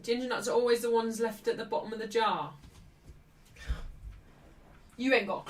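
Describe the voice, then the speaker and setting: A woman hosting a live football watchalong, chatting cheekily and shouting out at refereeing calls. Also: on the high side, fairly even intonation, normal speed, long pauses, far from the mic. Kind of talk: live match watchalong commentary.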